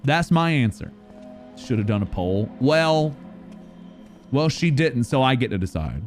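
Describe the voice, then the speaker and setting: A man streaming a video game live, chatting playfully and rambling, sometimes loud and sometimes mumbling. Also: medium pitch, sing-song, unhurried. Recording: faint music behind the voice.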